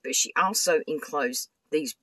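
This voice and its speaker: Gushing older woman, husky. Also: low-pitched, measured pace, a bit bright, no echo, far from the mic, rough recording. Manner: gushing, chatty, exclaims over crafts. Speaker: craft vlogger. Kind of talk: casual show-and-tell vlog.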